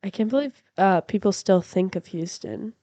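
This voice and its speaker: A woman chatting as a podcast guest in a house, animated and blunt, swearing freely. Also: mid-range voice, normal speed, dry recording, highs cut off. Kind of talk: casual chat.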